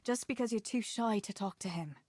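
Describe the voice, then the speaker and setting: An actress voicing a blunt young miller's daughter in a video game, speaking level and plainly. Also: female voice, mid-range voice, fairly quick, darkish tone, no room sound, studio quality, close to an everyday voice. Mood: curt.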